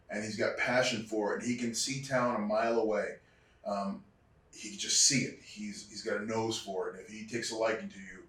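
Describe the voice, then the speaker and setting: A man who used to wrestle, interviewed as a guest, telling animated stories about his career and acting out other people's voices. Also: fairly low pitch. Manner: animated storyteller, acts out quoted voices. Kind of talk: casual storytelling interview. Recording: roomy sound from a distant mic.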